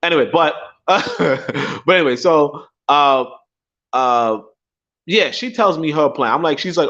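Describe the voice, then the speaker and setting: A man's voice: a little high, expressive, brisk, a bit bright, dull audio. A man telling a story in a casual, profane vlog outdoors, laughing and swearing as he goes. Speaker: vlogger. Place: outdoors in the sun.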